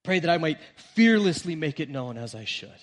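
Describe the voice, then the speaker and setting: A man preaching a sermon to his church, earnest, rising on key words and dropping soft at the ends of phrases. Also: fairly high pitch, sing-song, moderate pace. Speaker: pastor.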